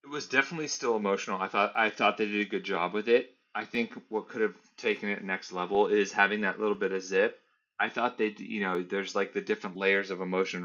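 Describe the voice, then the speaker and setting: A man's voice: lowish voice, bright, forceful tone. A man co-hosting a podcast in casual chat, rambling and leaning on filler words. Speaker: podcast co-host. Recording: slightly dull lo-fi audio.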